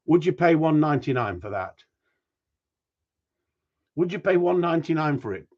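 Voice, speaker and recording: On his casual live stream, a man who trains gundogs reads out comments from viewers, ribbing them good-naturedly and swearing a little now and then. He talks at a normal speed with big ups and downs in pitch, and the sound quality is muffled and lo-fi.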